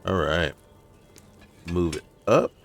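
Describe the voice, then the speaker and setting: A man's voice: low voice, lively intonation, takes it slowly, gravelly, soft background music. A man hosting a gaming channel gives casual commentary on his gameplay, talking to himself and crying out in frustration when things go wrong. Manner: talks to himself, exclaims in frustration.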